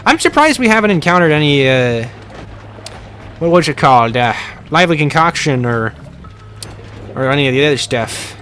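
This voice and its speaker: A man's voice: on the high side, sing-song, moderate pace, long pauses, fairly bright tone, faint music behind. A man streaming a game, chatting casually and playfully with his viewers in a rambling way.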